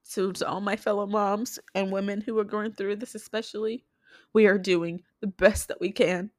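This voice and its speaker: A young woman talking to her viewers in a heartfelt personal vlog, halting and restarting as she speaks. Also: medium pitch, flat delivery, no room sound, studio quality. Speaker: vlogger.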